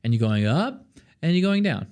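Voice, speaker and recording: A man's voice: a little high, big pitch swings, moderate pace, a little mellow, clean tone. Casual Australian male vocal coach, young, talks off the cuff with lots of fillers. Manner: chatty, lots of fillers, sings demonstrations.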